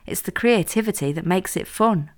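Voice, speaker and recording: A woman voices a scheming young woman who coaches her friend with firm, teasing confidence. The voice sits fairly low and sounds self-assured, never hesitant. It comes from a read-aloud story. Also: moderate pace, lightly acted. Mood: bossy.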